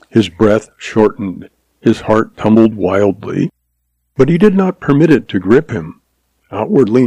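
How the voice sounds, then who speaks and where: Man, storyteller, western tale, measured dramatic reading, dark mellow voice, dry close sound. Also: on the low side, no echo, poor audio. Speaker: narrator. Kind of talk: scripted narration of a western story.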